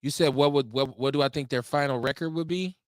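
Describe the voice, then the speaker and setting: A man with a mid-range voice hosts casual sports talk. He speaks in a measured, halting way with many restarts, and the sound is close and dry. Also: mid-range voice, dry recording. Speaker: host.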